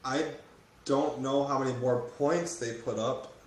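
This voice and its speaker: A man's voice: mid-range voice, steady tone, a little slow, slight background noise. Laughing man in a very echoey room. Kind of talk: casual chat.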